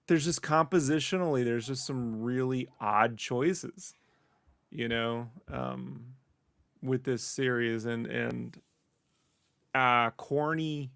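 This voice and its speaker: Rambling co-host: a man with a gravelly, fry-heavy voice, dry close mic. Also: mid-range voice, a bit bright, dry recording. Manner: rambling, lots of "like" and "you know". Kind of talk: casual chat.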